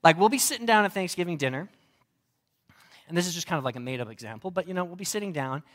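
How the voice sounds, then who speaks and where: Young male pastor, somewhat high voice, casual joking sermon delivery. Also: lively intonation, quick pace. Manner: conversational and humorous, varied delivery.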